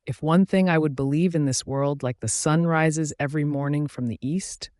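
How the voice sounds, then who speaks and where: A man's voice: fairly high pitch, moderate pace, darkish tone, no room sound, studio quality, natural voice. A man playing a cold, grieving husband.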